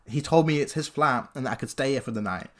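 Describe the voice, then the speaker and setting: A man's voice: medium pitch, fast talker, natural voice. A man voicing a confused, very drunk young man who stammers and slurs his reassurances. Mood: explaining.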